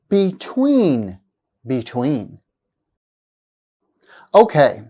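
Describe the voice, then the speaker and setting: A woman reading a scripted pronunciation lesson, saying each example word slowly and deliberately with exaggerated stress. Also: sits low, a little mellow. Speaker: pronunciation teacher.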